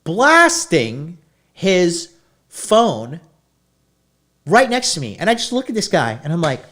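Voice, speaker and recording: A man's voice: sits high, huge pitch swings, slow, bright, forceful tone. A male podcast host giving dating advice in a brash, profane rant, lecturing his listeners.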